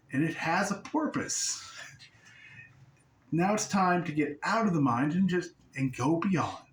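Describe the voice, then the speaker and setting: A man's voice: on the high side, slight background noise. A man giving a casual spiritual talk, swearing freely and laughing often as he explains. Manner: profane, laughing, conversational. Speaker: spiritual teacher. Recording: roomy sound from a distance.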